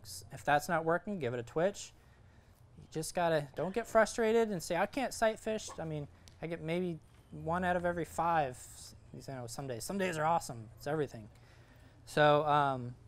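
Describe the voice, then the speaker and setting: A man's voice: fairly high pitch, moderate pace. A man giving a casual, rambling talk to a group on sight fishing from a kayak, full of fillers and restarts.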